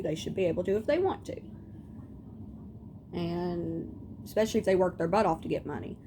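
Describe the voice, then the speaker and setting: A young woman with a deep Southern accent talks in a blunt, rambling vlog style, her voice gravelly with fry and pitched a little low. A steady hiss of noise sits under her home recording. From Southern United States. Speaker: beauty vlogger. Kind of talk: casual vlog chat.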